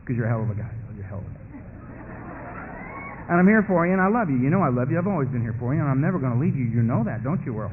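A man voicing the whispering male beast of addiction, low, hushed and wheedling as it coaxes him toward a drink. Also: very animated, very fast, big-room sound, slight background noise, close to an everyday voice. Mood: seductive. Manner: soothing, seductive persuasion. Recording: tinny lo-fi phone-like recording.

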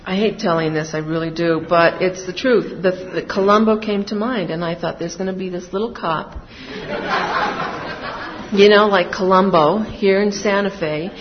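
A middle-aged woman giving a candid, confessional personal testimony to a group, her emotion swinging as she tells it. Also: lowish voice. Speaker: speaker sharing her recovery story. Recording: distant reverberant hall, dull sound, faint noise.

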